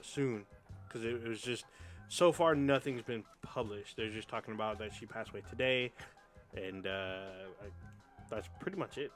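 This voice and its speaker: A man co-hosting a casual podcast, talking loosely with lots of fillers, restarts and swearing. His voice sits at an ordinary middle pitch. Faint music plays behind him. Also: moderate pace. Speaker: podcast co-host. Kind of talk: casual chat.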